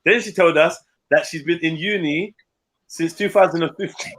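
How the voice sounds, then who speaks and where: Animated man, fairly high voice. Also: normal speed. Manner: animated, blunt, slangy. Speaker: podcast co-host. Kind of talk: casual chat, storytelling.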